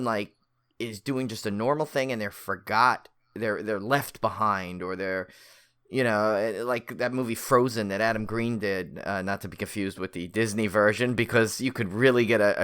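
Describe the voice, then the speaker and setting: A man's voice: fairly low pitch, fairly bright tone, clear, resonant tone. A man co-hosting a horror film podcast, chatting casually and rambling with many fillers and restarts. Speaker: podcast co-host. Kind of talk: casual chat.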